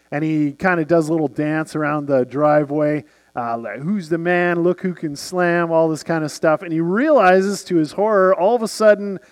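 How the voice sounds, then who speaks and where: A man in his forties, a pastor, preaching a sermon and telling lively stories with acted-out voices. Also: fairly high pitch. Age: 40s. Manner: storytelling, acts out characters in the anecdote.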